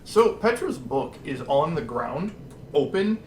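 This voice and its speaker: A man's voice: a little high, big pitch swings, a little slow, a little mellow, recorded from a distance. A man describing a scene in a tabletop game, searching for words as he goes. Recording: echoey room, faint noise.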